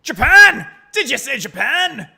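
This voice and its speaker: A man voicing a brawny, hostile male prison governor in a game, speaking loudly and gruffly with a put-on Scottish-style brogue. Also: extremely high pitch, big pitch swings, a little slow, voice pushed up, heavily acted.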